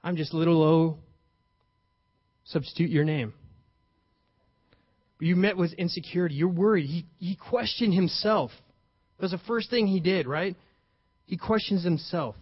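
Higher-voiced man preaching, lo-fi recording. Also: moderate pace, pauses often, slightly rough. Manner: conversational preaching, checks in with "right?"; builds to loud emphatic peaks. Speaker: pastor. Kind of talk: sermon. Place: in front of a live congregation. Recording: dull lo-fi recording.

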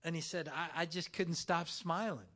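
A man preaching a sermon in a church, animated and emphatic, using dramatic pauses. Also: on the high side. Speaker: pastor.

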